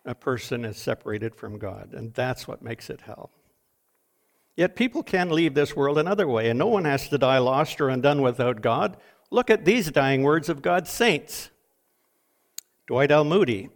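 Older preacher with a raised, emphatic delivery. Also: male voice, a little high. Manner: dramatic, reads deathbed quotes with rising emphasis. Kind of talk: sermon.

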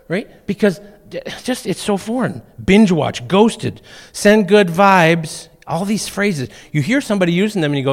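A middle-aged man preaching a sermon, telling funny stories in a lively way. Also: fairly high pitch, fairly quick. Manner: humorous storytelling, animated. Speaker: pastor. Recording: long reverb of a church hall.

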